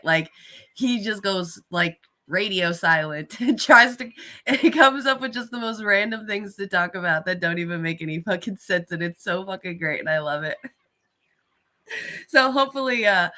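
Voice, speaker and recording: A woman's voice: medium pitch, bright, forceful tone. A woman chatting casually on a live stream, laughing often and swearing freely.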